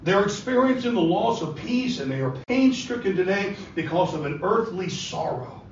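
A man's voice: sits high, lively intonation, normal speed, a little hiss or hum. A man preaching a sermon with an impassioned delivery that rises and falls, recorded in a church. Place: church sanctuary. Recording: echoey church hall from far off, dull and lo-fi.

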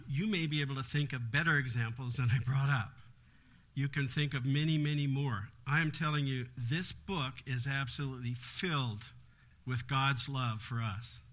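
A man's voice: medium pitch, bright, forceful tone. A man leading a Bible study in an earnest, explanatory way, with frequent conversational asides.

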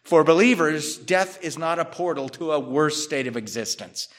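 A man preaching a sermon, reading scripture aloud and then explaining it in a conversational way, moving between loud emphatic lines and quiet asides. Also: fairly high pitch, lively intonation, moderate pace. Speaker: pastor.

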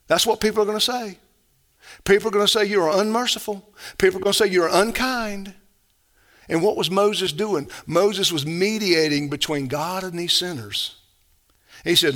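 A man with a high voice preaches a passionate sermon at normal speed, packed with rhetorical questions. He swings between loud, emphatic passages and hushed, quiet ones.

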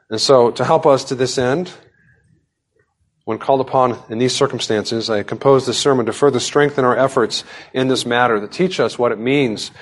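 A man as pastor, preaching a sermon with prayers and a scripture reading in a measured way. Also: medium pitch.

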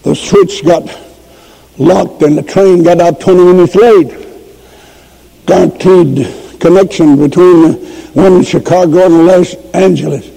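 Male preacher, impassioned shouting, high gravelly voice, long hall reverb. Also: steady tone, measured pace. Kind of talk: fiery sermon with storytelling.

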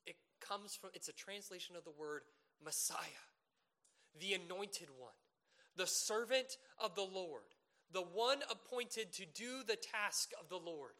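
A man preaching a sermon, earnest and emphatic, building to loud peaks and asking rhetorical questions. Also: sits high, unhurried.

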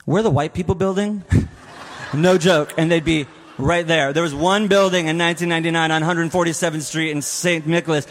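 A man in his forties delivers a eulogy in a chapel, his slightly high voice carried by a long hall reverb. He tells stories with laughs and quick asides. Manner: warm storytelling with laughs and asides. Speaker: eulogy speaker. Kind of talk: funeral eulogy.

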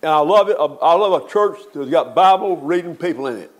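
Older man, high-voiced pastor; folksy funeral sermon with emphatic swells. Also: animated, fairly quick.

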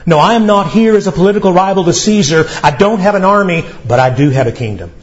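A man voicing a calm, firm adult prisoner who claims a kingship, speaking in steady, plain declarations. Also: high-pitched, fast talker, dull audio.

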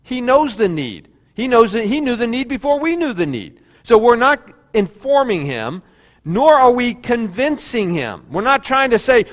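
A man's voice: very high voice, big pitch swings, normal speed, long reverb tail. A male pastor giving a sermon in a conversational preaching style, now and then acting out quoted prayers. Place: church sanctuary.

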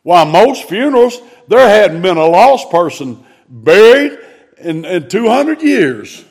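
A man delivers a sermon in a high, gravelly voice. He speaks slowly and emphatically, and his pitch swings widely as he preaches. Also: sing-song, darkish tone. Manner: emphatic, drawn-out preaching with sudden rises in pitch.

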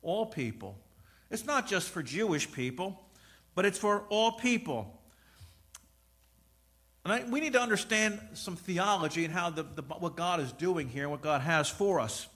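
Male pastor, middle-aged, high voice, storytelling sermon with loud peaks and quiet asides. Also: expressive, normal speed. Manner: storytelling, swings from loud preaching to soft asides.

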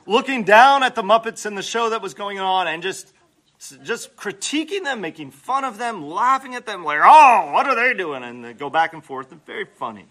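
A male pastor preaching a sermon in an animated way, acting out prayers and dropping humorous asides. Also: high voice.

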